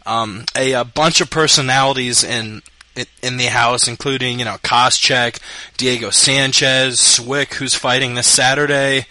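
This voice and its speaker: Bright-voiced male interviewer, halting delivery. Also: mid-range voice, fairly even intonation, dry recording. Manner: halting, with many fillers and restarts. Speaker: interview host. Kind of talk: podcast interview.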